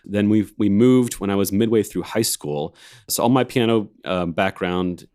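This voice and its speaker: A laid-back American man in his thirties with a very low, deep voice, from Alabama. He rambles through his story in a casual chat over a video call and laughs easily. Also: normal speed, a little mellow, smooth. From Alabama, USA. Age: 30s. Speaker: organist and film composer, co-host.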